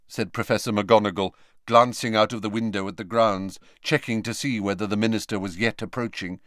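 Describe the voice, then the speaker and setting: A man narrating a novel in a measured, expressive storytelling manner. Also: on the low side, dry recording, clean studio sound. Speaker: audiobook narrator.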